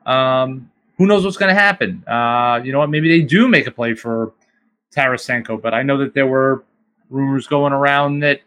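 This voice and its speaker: A man's voice: medium pitch, moderate pace, fairly bright tone. A man co-hosting a sports podcast, giving analytical opinions in casual chat with frequent ums. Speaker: podcast co-host.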